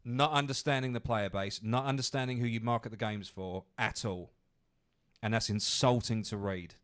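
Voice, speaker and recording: A man's voice: medium pitch, moderate pace, a bit bright, smooth. Angry swearing man ranting. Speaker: podcast host. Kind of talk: ranting commentary.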